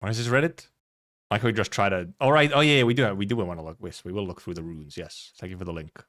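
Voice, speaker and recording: A man's voice: lowish voice, quick pace, a bit bright. A man from Finland, streaming and chatting casually, rambling, laughing often and swearing freely. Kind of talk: casual livestream commentary.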